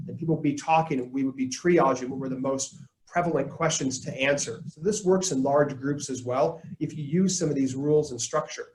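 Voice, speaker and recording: A man presenting a live leadership webinar, coaching his audience in an energetic tone and acting out the lines he quotes. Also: a little high, roomy sound, poor audio. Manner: energetic, coaching tone, quotes people in put-on voices.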